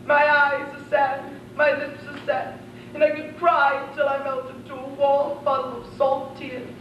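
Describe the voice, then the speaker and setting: A man's voice: extremely high pitch, completely flat delivery, measured pace, lo-fi sound, a little hiss or hum. A young man doing a swooning, melodramatic princess. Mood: mournful. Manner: swooning, theatrical. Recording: echoey room, far-off camera.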